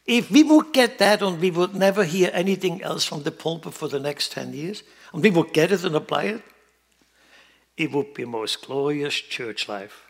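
Emphatic male preacher, slightly high voice. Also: expressive, moderate pace, vocal fry. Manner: emphatic preaching, swinging from loud to quiet. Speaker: pastor. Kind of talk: sermon.

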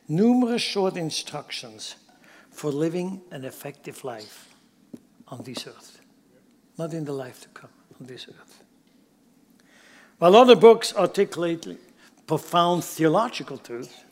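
A man preaching a sermon, swinging from loud emphatic bursts down to near-whispers. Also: high-pitched, big-room sound. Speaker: pastor.

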